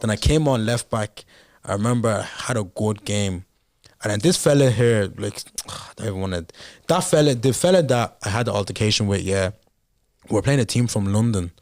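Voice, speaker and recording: A man's voice: on the low side, moderate pace, darkish tone. A young man from Ireland with a Dublin accent, a podcast guest telling a story in casual chat and acting out the dialogue. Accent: Dublin Irish. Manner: anecdotal storytelling, acts out dialogue.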